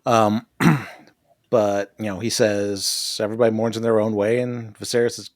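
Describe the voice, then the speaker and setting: A man's voice: lowish voice, level tone, a little slow, no room sound, clean studio sound. Profane joking man recapping a show. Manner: profane, jokey, laughs often. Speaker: podcast co-host. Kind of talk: casual recap chat.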